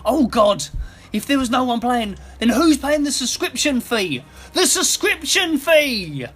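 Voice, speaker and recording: Man doing a sneering Scrooge, shrill when panicked. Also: sing-song, a little fast, fairly bright tone, slightly rough, heavily acted. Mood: frantic. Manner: scoffing, turning frantic and desperate. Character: greedy old male game-company boss Scrooge.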